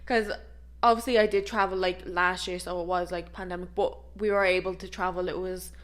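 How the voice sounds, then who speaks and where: A young woman from Dublin with a Dublin Irish accent, co-hosting a podcast, reacting quickly and retelling stories in casual chat. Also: on the low side. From Dublin, Ireland. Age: young adult. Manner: laughs easily, quick reactions, animated retelling. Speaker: podcast co-host.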